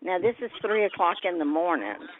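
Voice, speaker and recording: A woman's voice: lowish voice, a little fast, dry recording. Older woman telling a story over a tinny line. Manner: lively storyteller who acts out quoted voices. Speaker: guest. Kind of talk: storytelling interview. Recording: tinny phone-like sound.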